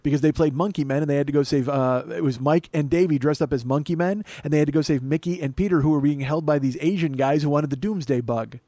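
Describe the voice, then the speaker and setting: A middle-aged man hosting a comedy podcast, rambling through a solo monologue with self-mocking asides and sudden bursts of loud mock-outrage. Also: on the high side, fast talker, hardly any pauses, no room sound. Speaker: podcast host.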